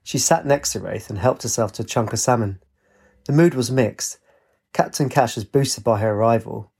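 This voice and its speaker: Man, husky voice, storybook narration, steady and expressive. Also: medium pitch, normal speed.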